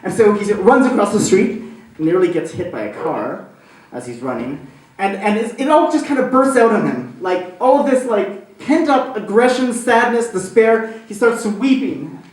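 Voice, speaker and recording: A male comedian telling a long story on stage, rambling and full of fillers, with a high, lively voice. The sound echoes heavily around the room from a distant mic. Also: normal speed. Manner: rambling, animated, with many fillers. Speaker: stand-up comedian. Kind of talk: stand-up storytelling.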